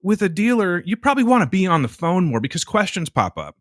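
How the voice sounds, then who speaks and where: Profane, animated male podcast storyteller. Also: high voice, fast, no room sound, studio quality. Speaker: podcast co-host. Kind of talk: casual storytelling chat.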